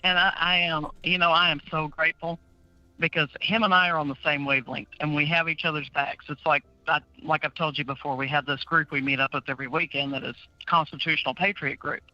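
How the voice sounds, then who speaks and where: An outspoken woman calls in to a talk show and laughs easily. Her voice is very bright and forward. It comes through a dull, dry phone line. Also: deep voice, steady tone, a little fast, no echo. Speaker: caller. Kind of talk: casual call-in chat.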